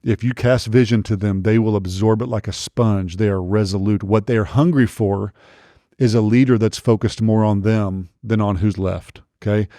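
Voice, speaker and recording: A man's voice: on the low side, steady tone, moderate pace, warm tone, dry recording, studio quality. A man hosting a leadership podcast, speaking earnestly and urgently, repeating his points and checking in with "okay?". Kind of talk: motivational podcast monologue.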